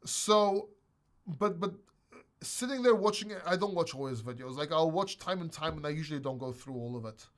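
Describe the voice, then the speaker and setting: Crypto stream host, man, slightly high voice, blunt and rambling with casual swearing. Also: lively intonation, moderate pace, a bit bright. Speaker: crypto channel host answering questions. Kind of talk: casual livestream Q&A.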